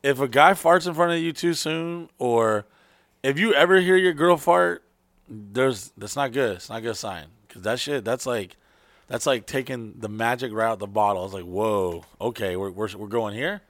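A man hosts a casual podcast chat, telling profane stories and jumping into voices for the people he quotes. His voice sits at an ordinary middle pitch. The sound is dry and close. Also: normal speed, a bit bright, dry recording.

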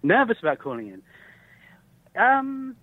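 A man's voice: sits high, huge pitch swings, slow. A man calls in to a radio show, chatty and a little nervous, joking along with the hosts. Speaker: caller. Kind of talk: radio phone-in call. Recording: tinny dry phone line.

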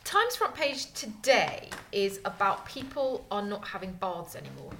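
A woman's voice: medium pitch, big pitch swings, unhurried, vocal fry, sharp tone, slight background noise. A woman, co-hosting a casual chat with dry, wry remarks. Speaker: podcast co-host.

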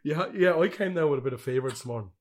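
A man's voice: a little high, lively intonation, racing. A young man from co-hosting a football podcast, rowdy, sweary and laughing a lot. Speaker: podcast co-host. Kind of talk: casual football podcast chat.

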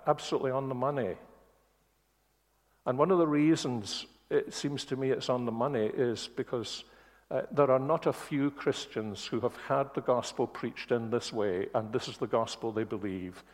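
A man preaching a sermon in a church, speaking earnestly and slowing on key words. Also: medium pitch, darkish tone. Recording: long reverb of a church hall.

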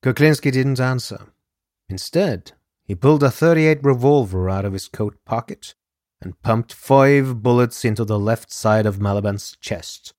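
A man's voice: medium pitch, measured pace, a little mellow, no room sound, clean studio sound. A man narrating a scripted true-crime story in a dramatic manner, speaking straight to the listener. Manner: addresses the listener directly, dramatic. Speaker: podcast narrator.

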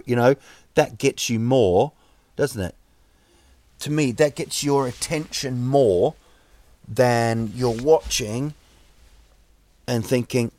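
Slow, rambling New Zealand man. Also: medium pitch, no echo. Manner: rambling, deadpan jokey, frequent fillers and restarts. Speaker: podcast host. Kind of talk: solo comedic podcast monologue.

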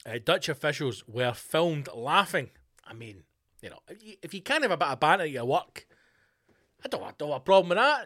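A man's voice: sits high, fairly quick. Sweary Scottish man ranting. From Scotland. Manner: sweary, animated, mocking put-on voices for quoted people. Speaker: podcast host. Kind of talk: casual ranting monologue.

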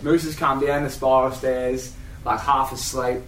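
A man telling a story in a casual chat, animated, laughing often and swearing freely. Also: mid-range voice, a little slow, slight background noise. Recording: roomy echo, distant mic.

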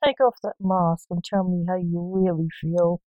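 A woman's voice: lowish voice, steady tone, moderate pace, no room sound, highs cut off, soft background music, lightly acted. Woman voicing a grumpy Grim Reaper king. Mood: grumbling. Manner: grumbling, snappish.

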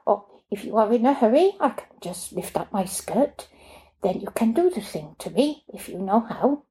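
A woman reading aloud and voicing a young immigrant cleaner, starved but calm, who speaks in a careful, formal way. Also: mid-range voice, natural voice, rough recording. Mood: calm, firm. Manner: measured, formal, unyielding.

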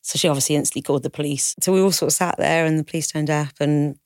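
A woman's voice: sits low, steady tone, rapid-fire, darkish tone, no room sound, clean studio sound. A woman telling a personal story on a podcast, often breaking into the voices of the people in it and laughing nervously. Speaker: podcast co-host telling her own story. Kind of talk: candid conversational storytelling.

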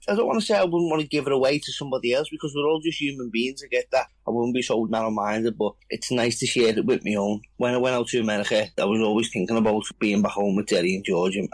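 Young scouse guy, husky voice, keeps saying do you know what i mean. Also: fairly low pitch, no room sound, low-quality recording. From Liverpool, England. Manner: earnest, repeats himself, lots of "do you know what I mean". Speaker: boxer, interview guest. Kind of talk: casual interview chat.

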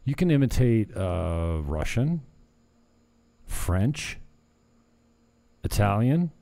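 A man's voice: lowish voice, sing-song, extremely slow, creaky, warm tone. A man talking casually to his viewers in a meandering vlog, often breaking off mid-thought and chuckling at his own asides. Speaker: vlogger. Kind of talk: casual rambling chat to camera.

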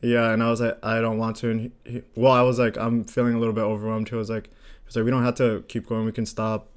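A man's voice: medium pitch, completely flat delivery, fast talker, smooth. A young man co-hosting a podcast, telling a dating story in a casual chat, acting out quotes and laughing often. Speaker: podcast co-host.

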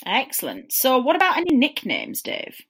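A woman's voice: high voice, huge pitch swings, moderate pace, husky. A woman with an East Lancashire, Burnley accent, hosting a casual football podcast and asking questions in an upbeat, chatty way. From Burnley, England. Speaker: podcast host.

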